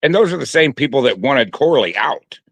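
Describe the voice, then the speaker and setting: A man's voice: mid-range voice, lively intonation, normal speed, creaky, fairly bright tone, breathy edge, no echo. A man co-hosting a sports talk show, talking casually and hesitantly with frequent restarts. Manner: hesitant, many restarts and fillers.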